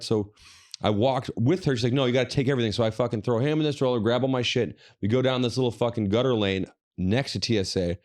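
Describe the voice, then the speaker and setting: A man's voice: medium pitch, fast talker, darkish tone. A man co-hosting a podcast, telling a rambling, profane story in casual chat. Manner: profane, rambling, quoting others. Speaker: podcast co-host.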